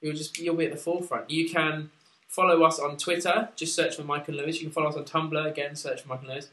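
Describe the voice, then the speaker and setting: A man from England co-hosts a casual podcast, chatty and quick to giggle as he plugs the show. His voice sits a little high and sounds bright and forceful. The studio mic catches a roomy echo. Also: little pitch movement. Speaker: podcast co-host. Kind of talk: casual chat. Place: small room with studio gear. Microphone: studio microphone.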